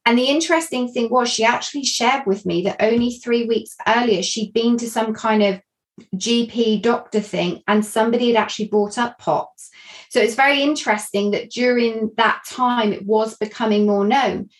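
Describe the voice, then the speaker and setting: A woman speaks in a fairly high voice. She talks candidly and earnestly about her own experience, reflecting as she goes and sometimes restarting a phrase. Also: normal speed, poor audio. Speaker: guest sharing a personal story. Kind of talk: candid personal storytelling.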